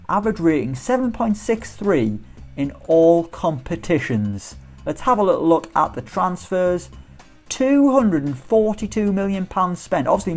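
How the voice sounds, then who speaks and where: Man, animated pitch, upbeat football game commentary, soft music underneath. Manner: chatty, upbeat, rhetorical questions. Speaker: gaming YouTuber.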